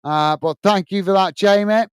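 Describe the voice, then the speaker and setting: Hosting a live football watch-along, this English man chats easily and reads out what viewers write, scattering uhs everywhere and calling everyone mate. His smooth, high voice moves at a moderate pace, in studio-quality audio without room sound.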